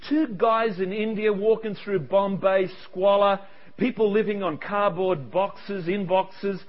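A man preaching in a high, bright-pitched voice, lively and animated, slipping into quoted voices as he goes. The recording is dull and lo-fi. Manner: animated, acts out quoted voices, quick asides. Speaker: pastor. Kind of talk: sermon. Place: church service. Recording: dull lo-fi sound.

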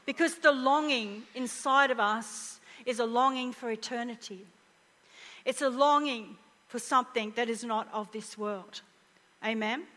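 A middle-aged woman preaching a conversational sermon, animated and humorous, sometimes dropping to a hushed voice for emphasis. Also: on the high side, unhurried, big-room sound.

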